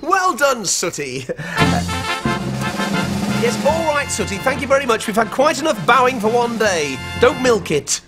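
Giggly, high-pitched man presenting a kids' show. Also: very animated, unhurried, over loud music. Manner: exasperated, giggly, scolding in a playful way. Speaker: children's TV presenter. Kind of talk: lively scripted banter with puppets.

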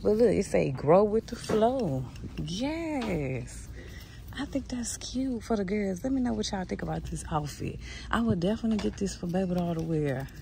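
A woman's voice: medium pitch, big pitch swings, normal speed, creaky, dark tone, slight background noise. A woman chatting through a store walkthrough, talking to viewers as "y'all" and "baby" while reading out prices, recorded on a handheld phone. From Southern United States. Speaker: shopping vlogger. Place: inside a retail store.

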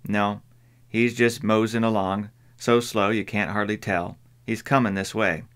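A man's voice: on the low side, fairly even intonation, measured pace, a bit bright, clean tone. A man voicing an anxious, earnest young boy with a drawl. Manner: earnest, worried. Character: anxious boy, about twelve.

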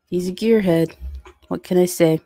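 A woman with a lowish voice chats casually on a live stream, reading viewer comments aloud. She rambles and restarts, with plenty of fillers. The sound is dry and close, with faint music under her voice. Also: fairly even intonation, moderate pace, warm tone, no room sound. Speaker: livestream host reading viewer chat.

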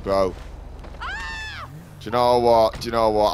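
A man commenting on his own game, flipping between shouted swearing and low muttering to calm himself. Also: slow, long pauses, slight background noise. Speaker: gaming streamer. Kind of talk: casual gameplay commentary.

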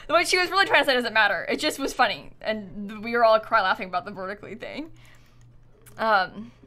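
A woman's voice: on the high side, expressive, brisk, pushed and bright. A young woman in her twenties chatting casually while streaming a building game, telling stories with lots of giggles. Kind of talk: casual livestream chat while gaming.

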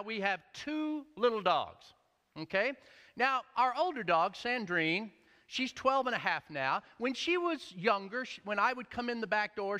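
A man preaching a sermon in a church, telling jokey stories in an animated way. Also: sits high. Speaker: pastor. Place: church sanctuary. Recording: echoey church hall.

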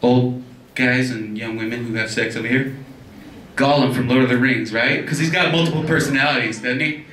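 A man's voice: medium pitch, fairly even intonation, a little fast, fairly bright tone. A young man doing a crude stand-up comedy set in a club, laughing through his own jokes. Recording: echoey club, distant mic, noisy.

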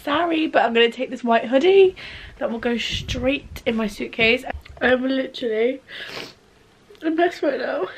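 Chatty young British woman, high voice. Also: a little slow, slightly rough. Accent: British English. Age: young adult. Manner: chatty, rambling, peppered with "like". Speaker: university student vlogger. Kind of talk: casual vlog chat.

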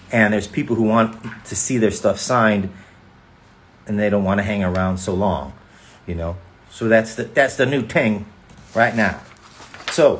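A man's voice: fairly low pitch, slight background noise. Playful, rambling man at a live signing. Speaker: voice actor signing autographs on a livestream. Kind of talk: casual chat.

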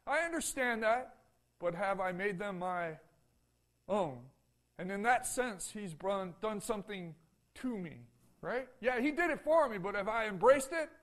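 A man's voice: high-pitched, lively intonation, unhurried, a bit bright. A man preaching a sermon as pastor in a church, emphatic and full of repeated rhetorical questions to the congregation. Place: church sanctuary.

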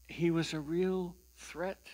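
An older man preaching a sermon as pastor, telling stories slowly and deliberately with a wry sense of humor. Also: on the high side, level tone, a little mellow.

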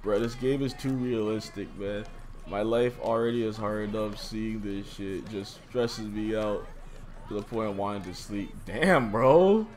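A young man streaming a game live, chatting casually and breaking into loud, swearing, exasperated outbursts. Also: lowish voice, a little slow. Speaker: gaming livestreamer. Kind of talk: live gameplay commentary.

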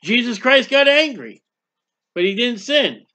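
A man's voice: extremely high pitch, sing-song, measured pace, pushed and bright. A man preaching a sermon, fervent and repetitive, with rhetorical questions and acted-out prayers.

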